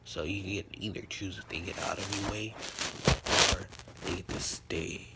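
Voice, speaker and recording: A man doing a calm fallen-angel grandfather. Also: low voice, normal speed, vocal fry, very noisy, voice pushed down.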